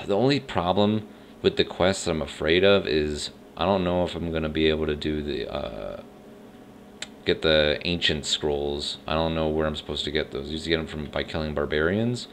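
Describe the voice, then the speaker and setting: A man's voice: rumbling low, normal speed, slight background noise. A man giving casual gameplay commentary, rambling and unsure of himself as he thinks aloud. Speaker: let's play host. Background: faint game music.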